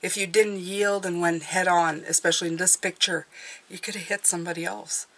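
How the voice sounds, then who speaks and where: A woman with a somewhat low speaking voice gives a relaxed tarot reading straight to her viewers. She talks in an encouraging, reassuring way and keeps checking in with a quick "okay?". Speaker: tarot reader.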